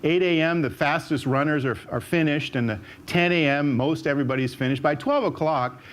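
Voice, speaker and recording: An older man speaks into a stage mic with a voice that sits somewhat high for a man. He meanders through personal stories, stumbling over and repeating words as he goes. When he voices other people, his pitch jumps up sharply. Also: a little fast. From United States. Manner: chatty storyteller with frequent restarts and repeated words. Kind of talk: storytelling talk on stage. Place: auditorium stage.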